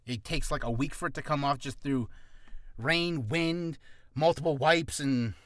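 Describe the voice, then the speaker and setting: A man's voice: a little high, a little slow, a bit bright, no room sound. A young man explaining voice-acting improv in a rambling, self-deprecating casual chat on a home mic. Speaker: voice actor vlogger.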